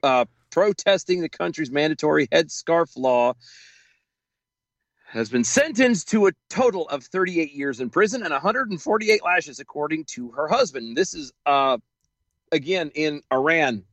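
A man co-hosting a casual commentary show, reading news aloud in a sarcastic, animated way and laughing often. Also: on the high side, normal speed, dry recording. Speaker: podcast co-host.

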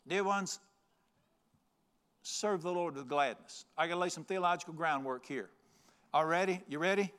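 A man's voice: on the high side, normal speed, pauses often, fairly bright tone, clean tone. A man preaching a folksy, joking, emphatic sermon. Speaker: pastor.

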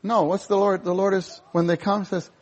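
A male preacher giving a sermon, animated, acting out scenes in voices. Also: high-pitched, normal speed, lo-fi sound.

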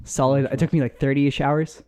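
A man's voice: medium pitch, little pitch movement, a little fast, mellow, clear, resonant tone. A young man co-hosting a casual podcast, teasing his friend with sarcastic, joking banter. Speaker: podcast co-host. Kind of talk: casual chat.

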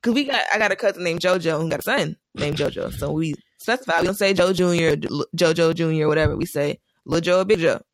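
A young woman in casual chat, telling animated stories and laughing often. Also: fairly low pitch, fast, hardly any pauses, no room sound.

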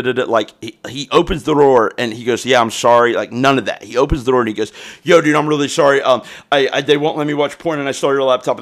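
A man's voice: mid-range voice, fairly bright tone. A young man hosting a podcast, telling a story in a loose, profane, rambling way with frequent restarts. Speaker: podcast host.

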